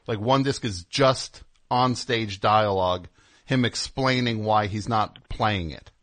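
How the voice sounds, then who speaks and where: A man hosting a comedy call-in radio show, deadpan and probing, sometimes exasperated. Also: lowish voice, takes it slowly, no echo. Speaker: radio host.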